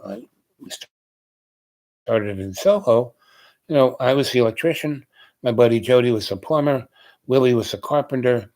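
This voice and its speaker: An older man spins a loose, rambling recollection in a relaxed conversational way. He circles back often, padding his sentences with "you know" and "um." His voice sits at an everyday middle pitch. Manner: meandering, heavy on "you know" fillers. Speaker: storyteller. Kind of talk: casual rambling reminiscence.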